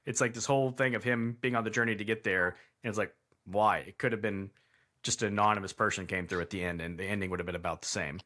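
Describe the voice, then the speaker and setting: A man's voice: fairly low pitch, fairly even intonation, fast talker, bright, forceful tone. A man co-hosting a casual movie review chat, rambling and restarting his sentences, incredulous at bad writing. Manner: rambling, self-interrupting, incredulous. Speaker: podcast co-host.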